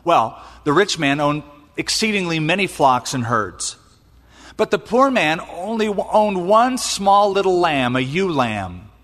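A man's voice: on the high side, sing-song, a little slow, a bit bright. A man voicing an earnest male prophet telling a parable, emphatic and drawn out. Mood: pleading. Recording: long reverb in a large hall.

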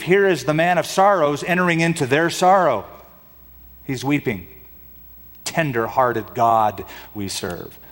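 A man preaching a sermon in a dramatic style, asking the congregation rhetorical questions. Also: a little high. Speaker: pastor. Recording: long hall reverb.

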